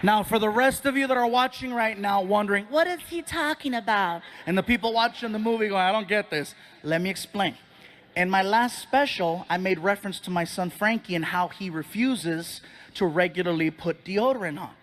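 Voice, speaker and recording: A middle-aged man doing stand-up comedy on stage for a live audience. He tells his story with animated energy and acts out the characters. His voice sits high for a man, with faint ambient noise behind. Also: brisk.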